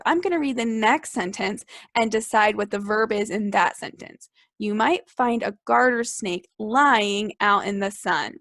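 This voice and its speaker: A young woman teaching second graders in a recorded lesson, clear, upbeat and encouraging. Her voice sits a little high. The sound is close and dry, with no room around it. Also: a bit bright, dry recording. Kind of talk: remote class lesson.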